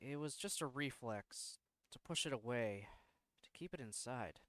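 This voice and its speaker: A man reading a visual novel aloud in first person, slow and introspective, now and then tripping over words. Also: mid-range voice, animated, a bit bright, no room sound, clean studio sound. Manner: slow, introspective, sometimes tongue-tied.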